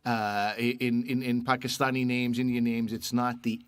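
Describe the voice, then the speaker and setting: A man co-hosting a podcast, chatting casually and telling comic stories with quick impressions of others. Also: medium pitch, clear, resonant tone, no room sound. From Canada. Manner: animated storyteller, does voices of others. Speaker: podcast co-host. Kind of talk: casual comedic chat.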